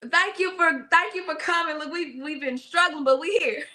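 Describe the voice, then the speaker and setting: A woman hosting a live-streamed music interview show, talking with excitement straight to her chat and her guest. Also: very high voice, moderate pace. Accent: regional American. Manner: hyped, talks straight to her chat audience.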